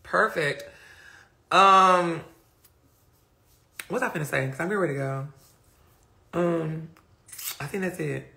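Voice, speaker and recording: A man's voice: on the high side, measured pace, gravelly, long pauses, sharp tone. A man chatting casually on a phone livestream, answering viewer comments in a rambling, profane and emphatic way.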